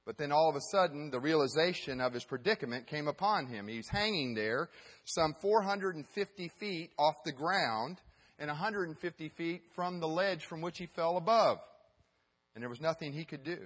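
Male pastor, sermon, emphatic storytelling, a bit high-pitched, occasional fillers. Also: expressive, moderate pace, a bit bright.

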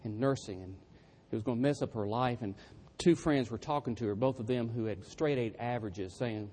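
A man's voice: mid-range voice, a little fast, few pauses, darkish tone, a little hiss or hum. A man preaching a sermon through humorous, self-deprecating storytelling.

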